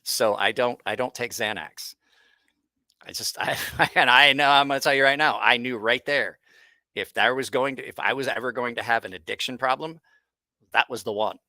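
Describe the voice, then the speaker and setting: Bright-voiced man telling profane stories. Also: medium pitch, normal speed, dry recording. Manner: rambling, profane, frequent restarts. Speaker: host. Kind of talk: casual livestream storytelling.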